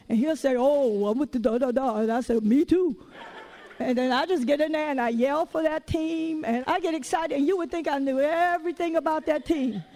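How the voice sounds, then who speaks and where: A woman preaching a sermon, talking conversationally with lively stories and call-outs to the audience. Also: high voice, poor audio.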